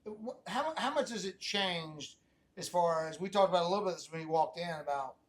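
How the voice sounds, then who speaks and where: A man's voice: high voice, expressive, fairly quick. A middle-aged man hosting a podcast, asking loose, rambling questions that trail off and restart mid-thought. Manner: rambling, self-interrupting questions. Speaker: podcast host. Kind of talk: casual interview chat.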